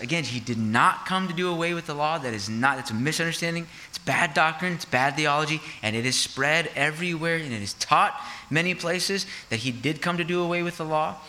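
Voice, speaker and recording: Man preaching in a forceful, sharp voice. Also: a little high. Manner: conversational preaching, asks the congregation rhetorical questions. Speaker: pastor. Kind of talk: sermon.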